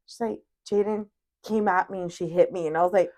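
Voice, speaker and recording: A woman's voice: fairly low pitch, fairly quick. A woman in her thirties co-hosting a podcast, telling family stories animatedly, swearing freely and acting out what people said. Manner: animated storyteller, swears freely, acts out quotes. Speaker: podcast co-host. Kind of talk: casual chat.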